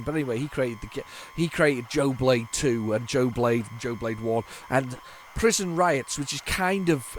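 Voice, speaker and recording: Chatty man with a higher voice. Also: slight background noise. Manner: rambling, chatty, many fillers and restarts. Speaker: retro gaming video host. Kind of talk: casual chat while showing old game tapes.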